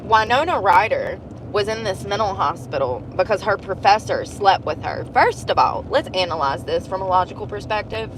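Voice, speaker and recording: A woman's voice: mid-range voice, lively intonation, moderate pace, few pauses, background noise. A woman chatting bluntly on a livestream, laughing often and acting out quotes from a movie. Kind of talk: casual chat.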